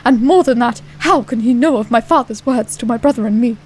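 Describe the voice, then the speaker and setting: A woman's voice: a little high, brisk, darkish tone, a little hiss or hum, lightly acted. A woman voicing a troubled male ranger, earnest and questioning.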